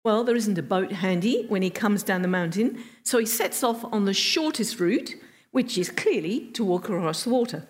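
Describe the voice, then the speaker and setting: Woman preaching with expressive storytelling. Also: medium pitch. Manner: expressive storytelling delivery with emphatic pauses. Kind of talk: sermon.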